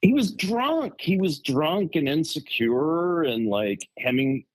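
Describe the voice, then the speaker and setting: Husky, animated male storyteller. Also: on the high side, slow pace, no room sound, low-quality recording. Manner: animated, rambling storyteller with many fillers. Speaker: podcast co-host. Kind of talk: casual chat, storytelling.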